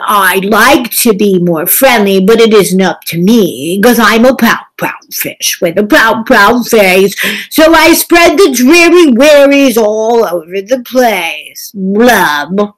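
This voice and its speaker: A woman's voice: mid-range voice, expressive, slow, low-quality recording. A woman doing a mopey, pouting storybook fish. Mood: glum. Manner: mopey sing-song chant, sobbing blubs. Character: glum gloomy male fish, forever pouting.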